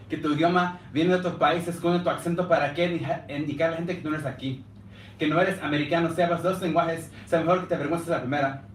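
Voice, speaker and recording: A young man with a slightly high voice performs slam poetry live at a cafe, moving between Spanish and English with a spoken-word rhythm. The recording comes from a distant room mic in the echoey space, carrying a little hiss or hum.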